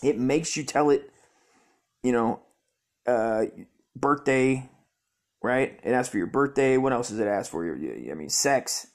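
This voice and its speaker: This is a rambling solo podcast rant from a young man in Southern California who hosts the show, cursing and grumbling at his computer. His mid-range voice is expressive, and he talks a little slowly, pausing often.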